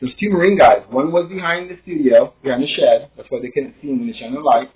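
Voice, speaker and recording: Man telling a rambling story, husky and tinny. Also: medium pitch, fast talker. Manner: rambling, emphatic first-person retelling. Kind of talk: casual storytelling. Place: his studio apartment. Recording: tinny phone-like sound.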